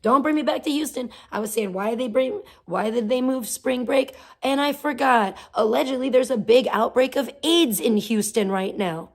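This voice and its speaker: Gravelly-voiced woman ranting on a livestream. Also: fairly high pitch, moderate pace, hardly any pauses. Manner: profane, ranting, sarcastic. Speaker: livestream host. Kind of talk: casual venting livestream.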